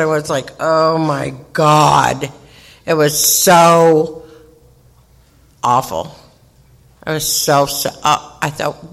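A woman's voice: sits low, fairly bright tone. A woman in her sixties from California, candidly telling her own recovery story with self-mocking humor. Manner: candid, self-mocking storyteller who acts out other people's voices. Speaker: recovery meeting speaker. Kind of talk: personal recovery share.

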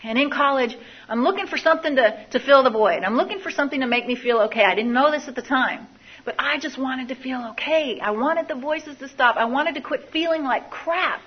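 A woman's voice: high-pitched, fairly quick, breathy edge, muffled recording. A woman telling her own life story to an audience, candid and confessional, often repeating phrases. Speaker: speaker sharing a recovery story. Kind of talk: personal testimony to an audience.

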